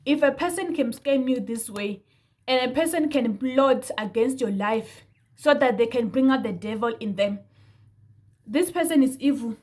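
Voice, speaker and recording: A young woman talking to her viewers in a heated, indignant way, repeating herself for emphasis. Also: sits high. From South Africa. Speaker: vlogger. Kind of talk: casual commentary to camera.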